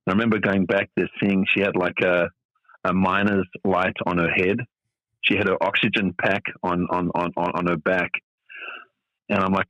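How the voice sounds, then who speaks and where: A man's voice: low-pitched, little pitch movement, moderate pace, dry recording, highs cut off. A middle-aged man from South Africa, a tennis coach being interviewed on a podcast, talking thoughtfully with many fillers and restarts.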